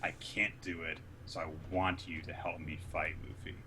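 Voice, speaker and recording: Deep-voiced man casually recapping manga. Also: level tone, normal speed, sharp tone, a little hiss or hum. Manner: retells scenes acting out characters' lines with big pitch jumps. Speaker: podcast co-host.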